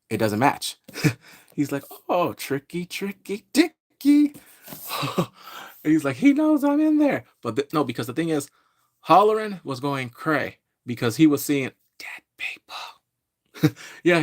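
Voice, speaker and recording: Chatty man with a lively, bouncy pitch. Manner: chatty, rambling, greets viewers often, laughs a lot; slips into quick exaggerated character voices. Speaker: live-streaming pop culture reviewer. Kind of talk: casual live-stream show recap.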